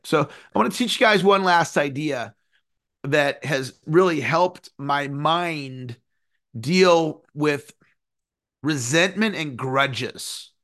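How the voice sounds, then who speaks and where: A man in his forties giving an earnest, animated motivational lesson, sometimes singing a phrase. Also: a little high. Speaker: success coach. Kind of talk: motivational teaching talk.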